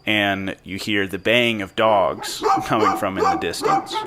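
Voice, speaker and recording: A man's voice: on the low side, measured pace, very noisy. A man narrating as game master of a tabletop role-playing game, describing scenes in an easygoing, descriptive way.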